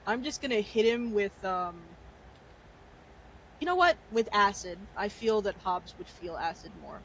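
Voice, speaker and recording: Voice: mid-range voice, measured pace, a bit bright, a little hiss or hum, rough recording. A player in a tabletop game, talking casually, swearing and laughing while taking a turn.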